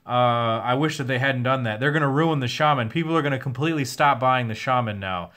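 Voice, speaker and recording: A man's voice: medium pitch, brisk, a bit bright. Man with a tired voice hosting a livestream. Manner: candid, swears now and then, reads chat questions aloud. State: losing his voice. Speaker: host answering viewer questions. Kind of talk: casual livestream Q&A.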